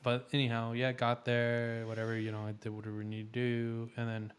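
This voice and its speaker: A man's voice: mid-range voice, a little fast, clear, resonant tone. A young man from New York swaps stories on a casual podcast, his voice sitting in an ordinary middle range. He talks in a loose, profane rush and keeps acting out what he and other people said. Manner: profane, animated storytelling full of quoted dialogue. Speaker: podcast co-host. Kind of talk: casual chat.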